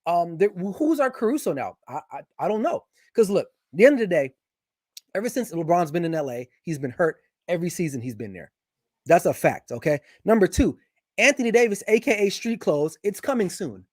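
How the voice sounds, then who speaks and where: An opinionated, lively male guest with a notably high voice chats about sports at a brisk pace. He frequently begins his sentences again as a point takes shape. The audio is close and dry with no echo from the room.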